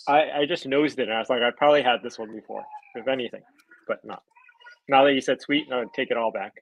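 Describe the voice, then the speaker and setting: A man's voice: mid-range voice, fast talker, dry recording, poor audio. A man on a whisky tasting panel, bantering casually and laughing often.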